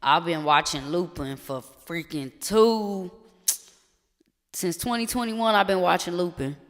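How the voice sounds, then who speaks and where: Over background music and a long reverb, a live streamer chats loosely in a medium-pitched, slightly bright voice. The talk is rambling, profane, and slangy, with occasional faltering attempts at French.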